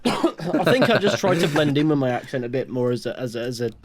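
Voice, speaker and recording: A man's voice: mid-range voice, very animated, fast, a loud crowd. A young man from the West Country of England with a West Country accent touched by northern English, chatting on a podcast in a sweary, rambling way with many restarts. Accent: West Country English with some northern English. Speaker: podcast co-host. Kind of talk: casual chat.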